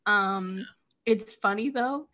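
A young woman co-hosting a podcast over a video call, chatting casually and expressively, quick to laugh. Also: medium pitch, pushed and bright. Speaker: podcast co-host. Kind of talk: casual chat.

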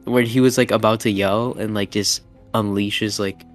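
A man's voice: on the low side, fairly even intonation, moderate pace, faint music behind. A man co-hosting a casual chat, talking in a chatty way full of fillers. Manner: chatty, filler-heavy, laughs easily. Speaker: podcast co-host.

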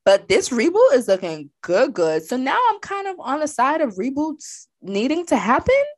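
A woman's voice: high-pitched, normal speed, dry recording. Sassy woman co-host, casual pop chat, dry close sound. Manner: sassy, animated, colloquial.

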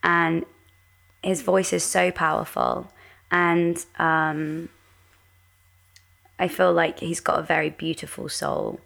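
A woman co-hosting a podcast, chatting earnestly and casually with many pauses. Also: on the low side, little pitch movement, creaky, a bit bright. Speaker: podcast co-host. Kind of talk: casual chat.

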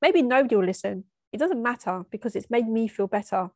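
A woman telling a painful personal memory, tearful and halting, often stopping and restarting. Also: on the high side, expressive, a little mellow, no room sound, studio quality. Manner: halting, emotional storytelling with restarts. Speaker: storyteller. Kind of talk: personal spoken memoir.

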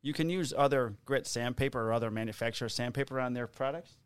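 A man's voice: mid-range voice, fast talker, smooth. Joking man co-hosting a podcast. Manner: joking, rambling storyteller. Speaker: podcast co-host. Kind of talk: casual podcast chat and sponsor read. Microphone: studio podcast mic.

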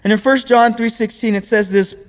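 Earnest high-voiced young man preaching. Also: fairly even intonation, a little fast. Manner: earnest, often repeats words mid-sentence. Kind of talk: sermon. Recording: long hall reverb.

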